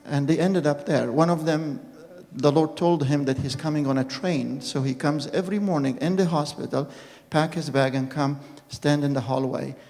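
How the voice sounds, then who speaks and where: A man preaching a testimony in a fairly high, gravelly voice, his words hanging in the long echo of a big hall. Soft music plays faintly underneath as he tells his story earnestly and haltingly, acting parts of it out. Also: fairly even intonation. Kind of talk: personal testimony sermon.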